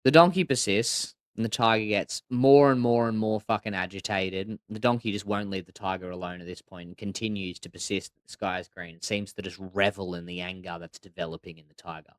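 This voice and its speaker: A low-voiced man co-hosting a casual show, spinning a fable with lots of swearing and restarts. He talks loosely and with energy. The sound is dry and close to the mic. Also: a little fast, few pauses, no room sound. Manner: profane, animated storyteller. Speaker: co-host. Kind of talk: casual podcast chat and storytelling.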